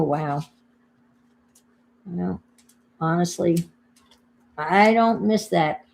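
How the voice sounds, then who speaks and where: An older woman with a New York accent and a lowish, somewhat dark voice chats casually with viewers while working on her crafting livestream. She's talkative, thinks out loud as she goes and greets people watching, with slight background noise present.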